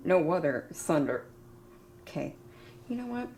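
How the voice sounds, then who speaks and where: A woman's voice: sits low, very animated, slow, vocal fry, darkish tone, a little hiss or hum. A woman chatting casually to camera as a home baking vlogger, rambling and giggling often, folksy and self-deprecating with the odd mild curse, in a home kitchen.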